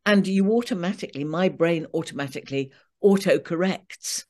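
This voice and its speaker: Lively British woman narrator, low voice. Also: moderate pace. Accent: British English. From Britain. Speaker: audiobook narrator, guest. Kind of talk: casual chat.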